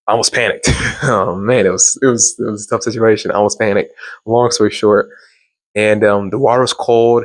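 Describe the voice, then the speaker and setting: A man's voice: lowish voice, a bit bright, no echo. A young man from Louisiana hosting a self-improvement talk, telling a personal story in a rambling, casual way with restarts and laughs.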